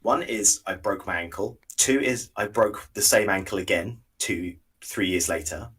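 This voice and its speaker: A young man co-hosting a podcast, telling stories in animated, casual chat and laughing at his own mishaps. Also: fairly low pitch, normal speed, slightly rough, distant mic. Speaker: podcast co-host.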